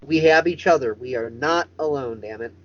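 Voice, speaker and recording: A man's voice: medium pitch, normal speed, muffled recording. A man hosting a comedic chat show over a video call, rambling and swearing for emphasis. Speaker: host.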